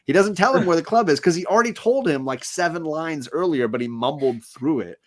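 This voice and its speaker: Man, casual film chat, animated storyteller, acts out quotes, co-host. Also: a little high. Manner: animated storyteller, acts out movie lines in quick voices. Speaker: co-host of a movie discussion show.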